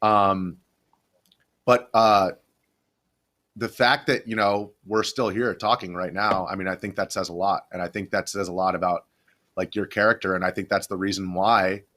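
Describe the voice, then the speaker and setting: A man's voice: deep voice, little pitch movement, normal speed, pushed and bright. A young adult man, a video journalist, rambling through a story in a casual podcast interview, full of restarts and fillers.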